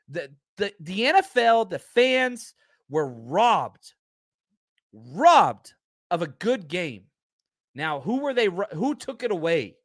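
A man's voice: high-pitched, very animated, slow pace, a bit bright, no room sound, studio quality. Fired-up man ranting on a livestream. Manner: fired-up, ranting, reads viewer comments. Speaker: livestream host. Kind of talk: heated sports talk livestream.

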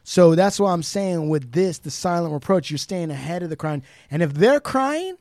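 A man hosting a podcast with a somewhat high voice, sounding dry and close to the mic. He chats casually and probes with questions, slipping into quoted asides as he talks. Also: lively intonation, moderate pace, darkish tone, dry recording. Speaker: podcast host. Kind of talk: casual chat.

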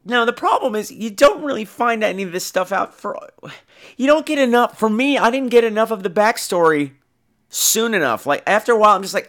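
A man hosting a podcast, casually reviewing a horror film, animated and jokey with casual swearing. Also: high-pitched, moderate pace. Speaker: podcast host.

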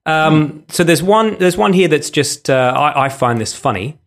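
A man's voice: on the high side, animated, normal speed. A man co-hosting a podcast in casual chat, joking dryly and swearing freely. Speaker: podcast co-host.

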